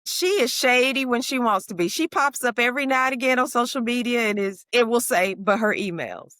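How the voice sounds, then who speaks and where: A woman co-hosting a podcast, chatting casually and animatedly, leaping up into high exclaiming tones. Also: brisk, fairly bright tone, no echo, clean studio sound. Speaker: podcast co-host. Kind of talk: casual chat.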